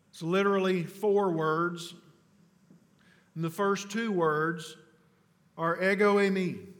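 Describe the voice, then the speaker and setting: A male pastor delivers a sermon in a fairly high voice. He moves between loud, urgent declarations and slow, hushed emphasis, with casual asides in between. The sound carries a long reverberant tail. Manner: emphatic preaching, swinging from loud urgent declarations to low, slow, quiet stresses; casual asides mixed with scripture teaching.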